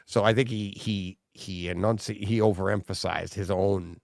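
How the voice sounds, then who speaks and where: Gravelly man chatting on a podcast. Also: low voice, steady tone, moderate pace, a little mellow, dry recording, clean studio sound. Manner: rambling, laughs often, restarts. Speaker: podcast co-host. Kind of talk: casual chat.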